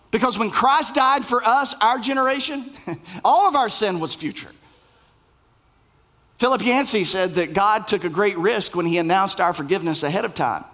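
Man, very high voice, pastor preaching, repeats for emphasis, drops to a hush. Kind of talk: sermon.

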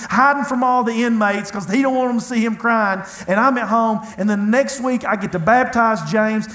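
A man's voice: high-pitched, fairly bright tone. A man preaching a sermon, telling a personal story in an earnest, conversational way. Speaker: pastor. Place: church hall. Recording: echoey church room.

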